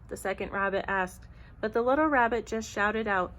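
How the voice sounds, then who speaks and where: Storyteller, woman, reads a picture book aloud with measured expression. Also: medium pitch, fairly bright tone, poor audio.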